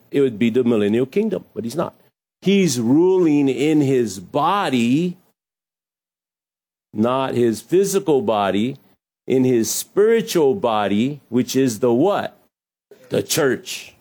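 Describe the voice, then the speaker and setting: A man's voice: a little high, dark tone. A male pastor giving a conversational sermon with jokes and asides. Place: hot church room.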